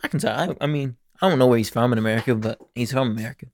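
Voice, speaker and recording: A young man in casual, animated banter with a friend. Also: medium pitch, very fast. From New Zealand. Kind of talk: casual chat.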